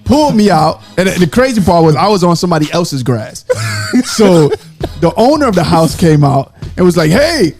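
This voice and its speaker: A man's voice: high-pitched, sing-song, normal speed, darkish tone, soft background music. A man hosting a casual podcast chat, telling stories and laughing often. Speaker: podcast host.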